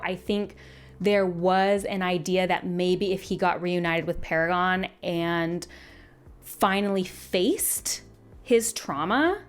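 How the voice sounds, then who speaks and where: A woman giving a casual, emotional book review, talking through her feelings with many fillers and restarts. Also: on the low side.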